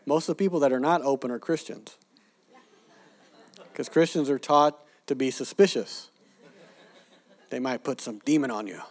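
Man preacher teaching with lively stories, mid-pitched voice, acts out quotes. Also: normal speed, pauses often. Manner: animated storyteller, acts out quoted people. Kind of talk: sermon-style teaching with stories.

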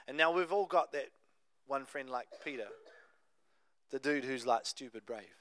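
A young adult man preaching a sermon, telling a Bible story in a conversational, animated way with casual asides. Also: a little high, moderate pace, no room sound. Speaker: pastor.

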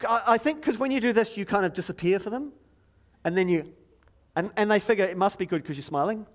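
High-voiced playful male preacher. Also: fast. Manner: jokey, self-deprecating, chatty. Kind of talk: playful sermon with audience participation. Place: church stage before a congregation.

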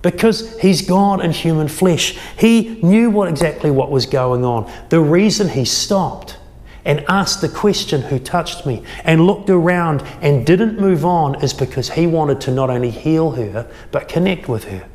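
A man preaching a sermon, retelling a scripture story with lively acted-out quotes. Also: on the high side, a little slow, big-room sound. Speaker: pastor.

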